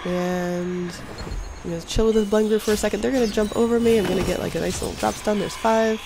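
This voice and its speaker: A young man with a high voice and vocal fry talks fast in a fairly even tone, his nose stuffy from a cold. He casually narrates his own gameplay as voice-over commentary, chatty and self-deprecating, laughing often. Faint music and some background noise sit behind him.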